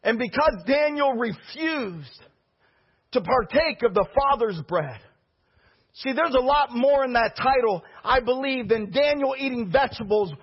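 A man preaching a sermon, telling stories in a lively, conversational way to his congregation. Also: very high-pitched, measured pace, husky. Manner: storytelling preacher, animated and conversational. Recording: dull lo-fi recording.

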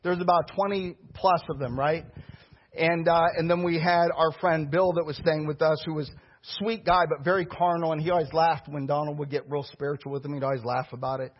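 A man preaching a sermon, telling stories in a lively, conversational way to his congregation. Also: a little high, brisk, slightly rough. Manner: storytelling preacher, animated and conversational. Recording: dull lo-fi recording.

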